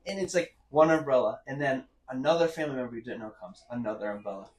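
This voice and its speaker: A man hosting a casual interview, eagerly agreeing and chiming in with his own stories. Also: mid-range voice. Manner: eager, quick to agree and chime in. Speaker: interview host. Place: comedy club.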